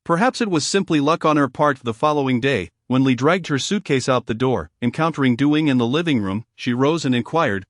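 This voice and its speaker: In a steady, measured way, a man with an ordinary middle-pitched voice reads a romance novel as an audiobook. The sound is dry and close, with no room or echo around it.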